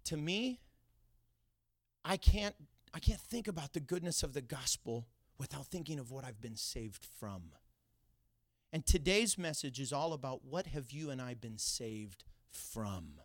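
A middle-aged man preaching a sermon, telling a personal story in an animated way with laughing asides. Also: fairly high pitch, no room sound, studio quality. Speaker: pastor.

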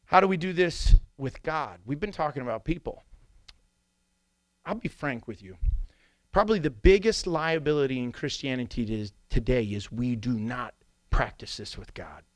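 A middle-aged man preaching a sermon with animated storytelling, jumping into sudden impressions. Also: medium pitch, normal speed, dry recording. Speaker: pastor.

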